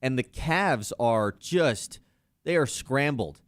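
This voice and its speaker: A man's voice: medium pitch, lively intonation, slow pace, no room sound, clean studio sound. A man hosting a sports talk radio show, chatting casually and with animation about basketball. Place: radio studio.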